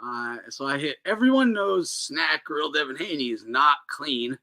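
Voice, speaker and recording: A man hosting a boxing talk podcast in a loud, profane, mocking chat. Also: a little high, lively intonation, a little slow, creaky. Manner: loud, profane, laughing mockery. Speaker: podcast host. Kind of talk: casual chat.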